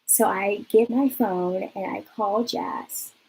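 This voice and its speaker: A woman's voice: mid-range voice, slow, gravelly, breathy edge, rough recording. Chatty young woman telling a story. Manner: chatty, peppered with "like", lively retelling. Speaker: vlogger. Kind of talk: casual storytime vlog.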